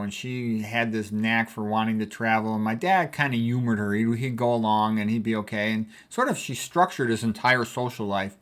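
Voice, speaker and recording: Older American man reminiscing casually. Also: on the low side. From United States. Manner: rambling, conversational, warm reminiscing. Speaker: physician vlogger. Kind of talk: casual talk over family photos.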